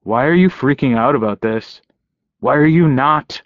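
A man's voice: mid-range voice, moderate pace, no echo, lo-fi sound, natural voice. A man voicing a teasing, amused young werewolf man in an audiobook, easy and mocking. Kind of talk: audiobook character voice.

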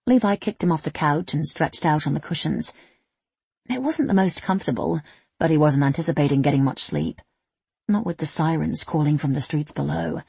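A woman narrating an audiobook in an even, steady reading voice. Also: low voice, moderate pace, gravelly, husky, dry recording.

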